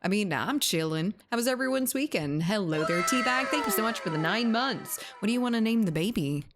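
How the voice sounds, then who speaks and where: A woman's voice: mid-range voice, lively intonation, a little fast, heavy background noise. A woman game streamer chatting casually and playfully, greeting her live chat viewers by name one after another.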